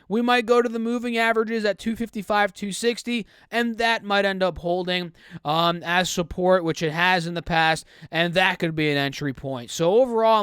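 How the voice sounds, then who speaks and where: A man's voice: sits high, fairly bright tone, clear, resonant tone, no echo, clean studio sound. A young man giving casual stock market commentary, recovering from an illness and a little choked on his words. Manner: quick, chatty, self-correcting.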